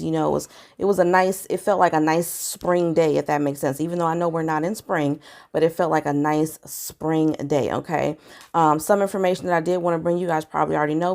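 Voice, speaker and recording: A woman's voice: low voice, vocal fry, a little mellow. A woman vlogger chatting casually with viewers and reading news articles aloud. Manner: chatty, conversational, addresses viewers directly. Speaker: vlogger giving news updates. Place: home in California.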